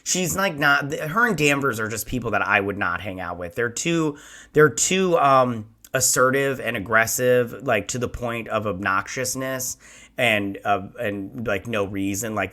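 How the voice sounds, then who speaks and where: A man's voice: lowish voice, normal speed, sharp tone. A man hosting his own show, reviewing a TV episode in casual, rambling chat and acting out scenes in quoted voices.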